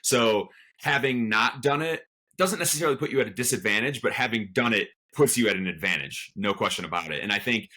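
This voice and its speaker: A man's voice: on the low side, a little fast, pushed and bright. A man speaking as a podcast guest in casual chat, sharing reflective, earnest opinions.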